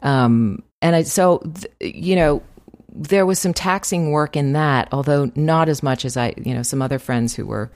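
Very low-voiced woman, chatty voice actress. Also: normal speed, a little mellow, dry recording, clean studio sound. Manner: chatty, laughing often, many fillers. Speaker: voice actress, interview guest. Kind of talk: casual interview chat.

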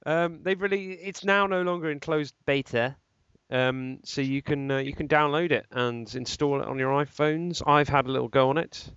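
A man hosting a casual tech podcast, rambling and halting through speculation with lots of fillers. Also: a little high, steady tone, fairly bright tone, clear, resonant tone, no room sound, dull audio. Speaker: podcast host.

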